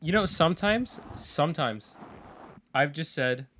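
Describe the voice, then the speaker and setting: A man's voice: on the high side, lively intonation, measured pace, fairly bright tone. A young man co-hosting a podcast, bantering casually and crudely with jokes and rambling asides. He grew up in another country. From outside the country of the show. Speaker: podcast co-host.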